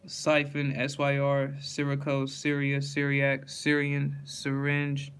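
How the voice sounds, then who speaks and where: A man's voice: medium pitch, monotone, takes it slowly, fairly bright tone, smooth. A man reading a long list of words aloud one by one, stumbling and restarting now and then. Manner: reads words one by one, with frequent slips and restarts.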